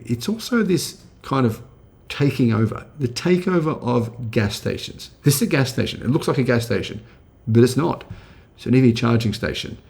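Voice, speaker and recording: A man's voice: mid-range voice, creaky, a little mellow. A middle-aged Australian man hosting his channel, chatting casually with many fillers and restarts. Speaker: channel host. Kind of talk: casual video commentary.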